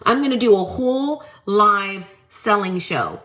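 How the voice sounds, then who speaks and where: A woman's voice: mid-range voice, lively intonation, unhurried, a bit bright. A woman hosting a live-selling show, ranting on her stream with mocking, exasperated disbelief and free swearing. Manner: swears freely.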